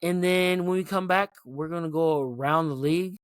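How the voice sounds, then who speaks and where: A man's voice: fairly high pitch, moderate pace, clean tone, no room sound, studio quality. A man hosting a sports podcast, talking casually and animatedly as a fan, with frequent swearing. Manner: animated, profane, fan-like rants. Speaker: podcast host.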